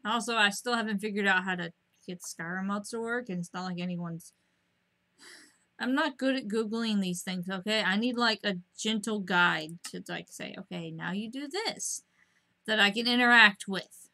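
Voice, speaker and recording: A woman streaming a game at home, chatting to herself in a rambling, casual way and breaking into excited squeals at the animals. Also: moderate pace. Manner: rambling, self-talking, bursts of high squeals at animals.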